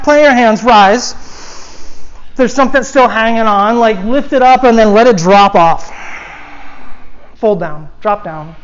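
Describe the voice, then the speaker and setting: A woman teaching a yoga class, giving calm step-by-step cues and chatting casually with lots of "like"s. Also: on the high side. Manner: calm cueing with casual asides, many "like"s. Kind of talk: guided yoga class instruction. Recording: dull lo-fi sound.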